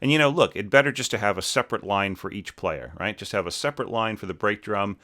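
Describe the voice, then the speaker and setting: A man with a fairly low but bright, forceful voice talks through a student's orchestral score. He thinks aloud, keeps checking in with "right?", and sometimes sings rhythms on nonsense syllables. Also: fast. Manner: thinking aloud, many fillers and tag questions. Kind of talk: casual spoken critique.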